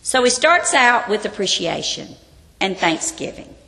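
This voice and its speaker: A woman's voice: medium pitch, big pitch swings, a little slow, gravelly, sharp tone. A woman Bible teacher giving an earnest sermon, often asking her listeners rhetorical questions. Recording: long reverb of a large hall.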